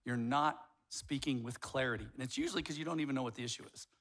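A man preaching a sermon as pastor in a casual, conversational way, acting out examples and swinging from quiet asides to loud outbursts. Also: medium pitch, fast talker.

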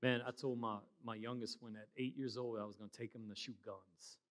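A middle-aged man preaching a sermon as pastor, loud and emphatic with quieter asides. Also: mid-range voice, little pitch movement, a little fast.

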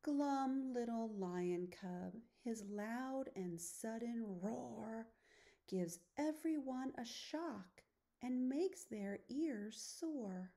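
A woman teacher reading a children's picture book aloud, soft and often hushed. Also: on the high side, expressive, drawn-out words.

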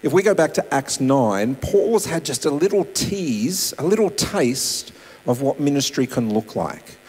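A man preaching a sermon as pastor, animated, with loud emphasis and soft asides. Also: medium pitch, a little slow, slightly rough. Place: church hall. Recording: reverberant church hall.

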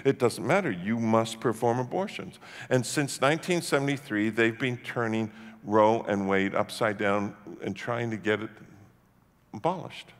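A man from Canada preaching a sermon as pastor, emphatic and swinging from hushed tones to shouting. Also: lowish voice, moderate pace. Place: church sanctuary. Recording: long church-hall reverb.

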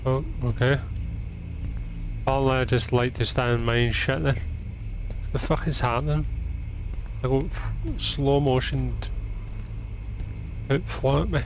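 A man's voice: medium pitch, steady tone, measured pace, long pauses, a little hiss or hum. A young man giving profane, exasperated commentary while playing a video game. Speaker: gaming channel host. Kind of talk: let's play commentary.

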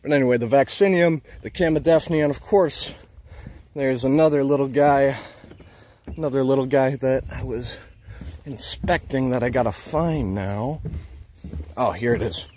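A man's voice: mid-range voice, normal speed, long pauses, a little mellow. A man filming a walking plant tour outdoors in a peat bog on his handheld camera. He talks in an enthusiastic, rambling way and marvels aloud at the plants. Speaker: nature vlogger.

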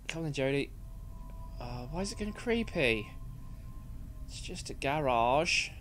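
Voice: mid-range voice, lively intonation, measured pace, fairly bright tone, soft background music. A gaming streamer with a British accent, giving sweary, jumpy, chatty commentary over a game. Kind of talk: let's play commentary.

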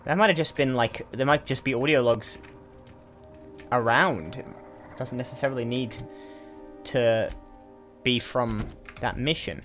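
A man's voice: mid-range voice, measured pace, pauses often, a bit bright, faint music behind. A man hosting a let's play, giving chatty, casual commentary and thinking aloud with asides as he plays.

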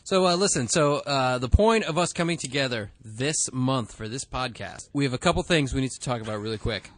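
A male host runs a casual podcast for a record store. He talks in a brisk, upbeat way about coming events. His voice sits at a middle pitch, recorded close and dry. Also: expressive, no echo.

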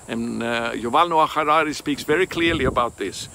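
A man giving a Bible teaching in a deliberate, emphatic way, pausing and hesitating often. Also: medium pitch, creaky, bright, forceful tone, slight background noise.

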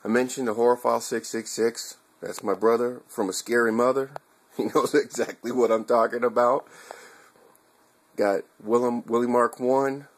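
A man's voice: medium pitch, fairly even intonation, normal speed. A man talking straight to his viewers in a casual, heartfelt vlog, rambling and earnest, with casual swearing and restarts. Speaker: video blogger.

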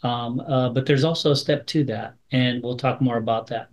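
A man who is a rabbi, teaching in a bible study in a measured, reassuring way with some restarts. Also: medium pitch, fairly even intonation, poor audio.

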